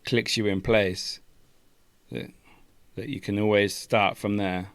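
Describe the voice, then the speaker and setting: A man co-hosting a podcast, chipping in relaxed and prompting his co-host's stories. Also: fairly low pitch, takes it slowly, clear, resonant tone, no room sound. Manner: relaxed, chips in and prompts the other host. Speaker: podcast co-host. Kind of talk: casual chat.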